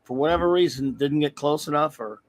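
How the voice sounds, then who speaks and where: A man's voice: a little high, fairly quick. A man hosting a casual chat, greeting viewers by name in a chatty way.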